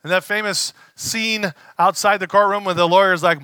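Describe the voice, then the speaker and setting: A man preaching a conversational sermon as a pastor, casual and animated, acting out the voices he quotes. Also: sits high, normal speed, clear, resonant tone, no echo.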